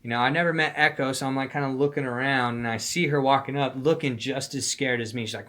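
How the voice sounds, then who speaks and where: Young dude rambling thru a story, swears a lot, slangy, does little voices for people. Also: male voice, mid-range voice, fairly even intonation, fast, fairly bright tone. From Phoenix, Arizona. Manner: profane, rambling, slangy, acts out quoted voices. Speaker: storyteller vlogger. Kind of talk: casual storytelling.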